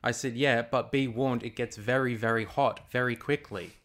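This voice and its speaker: An actor playing a grumpy Australian landscaper on a phone call, sulky, defensive and swearing freely. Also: male voice, mid-range voice, fairly even intonation, moderate pace, fairly bright tone, natural voice. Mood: grumbling. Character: grumpy male landscaper mate, blunt and sweary. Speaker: phone guest.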